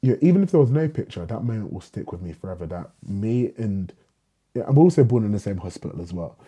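A young man, telling a lively story in a casual podcast conversation, acting out dialogue and swearing freely. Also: lowish voice, quick pace, slightly rough. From England. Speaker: guest, writer.

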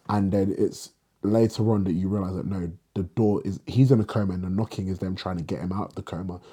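A man's voice: low voice, breathy edge. A man with a slight lisp, a playwright guest talking casually and laughing often. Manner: relaxed, laughs often, slang-heavy. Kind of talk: casual conversation.

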